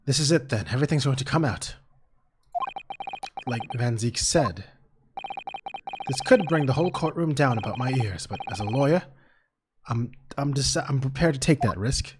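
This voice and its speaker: A man's voice: medium pitch, lively intonation, normal speed, pauses often, background noise, close to an everyday voice. A man voicing an earnest, determined young male defense lawyer in a courtroom game.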